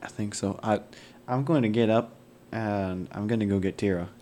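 A man's voice: fairly low pitch, normal speed, dark tone, slight background noise. A man playing his character in a tabletop role-playing game, speaking hesitantly with frequent fillers. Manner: hesitant, with many fillers and restarts. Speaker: player.

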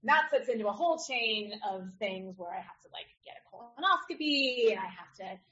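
A middle-aged woman with a somewhat high voice tells a personal story as a podcast guest. She talks casually and animatedly and mimics the people she describes. The audio sounds a little dull and lo-fi. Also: fairly quick. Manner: animated, acts out others' voices in her story.

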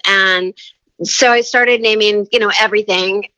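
A woman being interviewed about her business, telling lively stories in a talkative way, full of "like" and "right?". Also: mid-range voice, normal speed, a little hiss or hum, low-quality recording. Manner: animated, talkative, lots of "like" and "right?". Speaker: guest, brand naming business owner. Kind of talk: casual interview storytelling.

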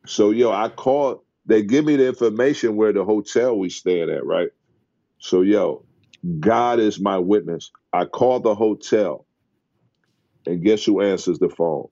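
A middle-aged man telling stories as a podcast guest, acting out quotes excitedly. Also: a little slow, no echo, muffled recording. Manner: excited storyteller who acts out quotes in a high voice. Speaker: guest, former basketball player. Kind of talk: animated storytelling in a podcast interview.

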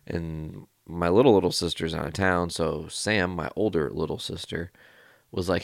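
A man hosting his podcast, telling a personal story in a casual, rambling, animated way and swearing freely. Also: deep voice, moderate pace, gravelly, no room sound, studio quality. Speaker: podcast host.

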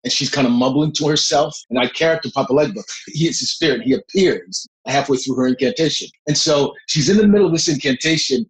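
A man's voice: a little high, fast talker, few pauses, rough recording. A middle-aged man, a guest actor, telling a vivid story in a conversational interview. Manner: reflective, animated storyteller with laughs.

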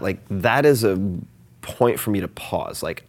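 A man chats as an interview guest, animated and self-deprecating. His voice sits a bit low, and he often restarts his sentences and fills the gaps with "like". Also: slow pace. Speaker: podcast guest. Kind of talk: casual conversational interview.

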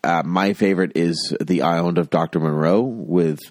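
A man's voice: low-pitched, steady tone, normal speed, no room sound. A man co-hosting a casual film chat, dry and teasing, laughing at his own jokes. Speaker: podcast co-host. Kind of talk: casual chat about films.

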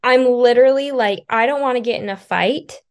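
A woman's voice: fairly high pitch, a little fast. A woman marriage coach talking earnestly in a casual podcast conversation, often using filler "like" as she thinks. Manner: earnest, thoughtful, many filler "likes".

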